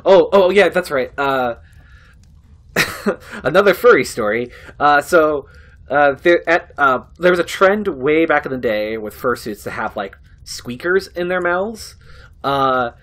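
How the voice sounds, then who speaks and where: A man's voice: on the high side, expressive, measured pace, fairly bright tone. A man casually chatting and joking while watching a game being played, swearing freely, laughing often and trailing off into fillers. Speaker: co-commentator on a game playthrough. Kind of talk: casual gaming banter.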